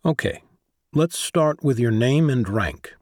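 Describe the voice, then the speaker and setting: A man's voice: medium pitch, slow pace, no room sound, studio quality. A man doing a patient navy commander. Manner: calm, reassuring.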